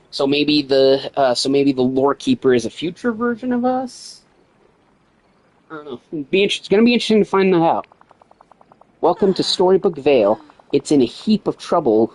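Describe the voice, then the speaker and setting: A man's voice: mid-range voice, a little mellow, rough recording. A man livestreaming a video game, swearing and joking sarcastically as he reads the game's dialogue aloud in his own voice. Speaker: gaming livestreamer. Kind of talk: casual gameplay commentary.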